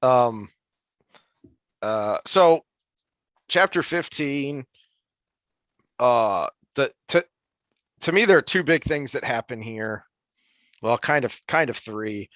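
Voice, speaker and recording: A man's voice: mid-range voice, expressive, takes it slowly, long pauses, a bit bright, no echo. A man co-hosting a podcast, chatting casually about a fantasy book series with lots of restarts and fillers. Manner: rambling, many restarts and fillers. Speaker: podcast co-host.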